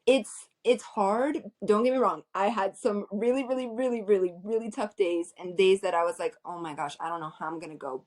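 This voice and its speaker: Earnest encouraging woman podcaster. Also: medium pitch. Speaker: podcast co-host. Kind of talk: casual chat.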